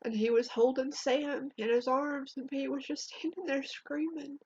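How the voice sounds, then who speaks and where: A woman telling a painful personal story in a halting, emotional way, her voice trembling near tears, in a dull lo-fi home recording. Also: high voice, steady tone, darkish tone. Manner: halting, emotional, with restarts and long pauses. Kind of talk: personal spoken testimony.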